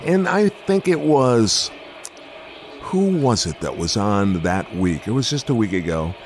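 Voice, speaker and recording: An older man hosts a relaxed interview with a fairly low voice. He jokes easily and rambles, often trailing off mid-thought and circling back. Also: a little slow. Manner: chatty, jokey, trails off and restarts. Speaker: radio and podcast host. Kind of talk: casual interview chat.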